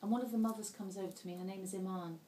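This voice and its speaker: A woman's voice: mid-range voice, fairly even intonation, rapid-fire, warm tone, slight background noise. A woman giving an earnest, emotional personal talk as an invited speaker at a dinner. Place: indoor dinner hall. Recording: roomy sound from a distant mic with faint ambience.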